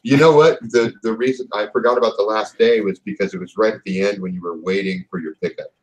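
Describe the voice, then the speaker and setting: A man narrating as game master of a tabletop role-playing game, in a relaxed way. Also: lowish voice, quick pace, breathy edge, poor audio.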